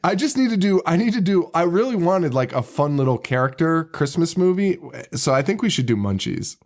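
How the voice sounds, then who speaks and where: A man's voice: a little high, very animated, brisk, darkish tone. A man co-hosting a podcast, chatting casually about a horror movie, rambling with lots of fillers and frequent laughs. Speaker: podcast co-host.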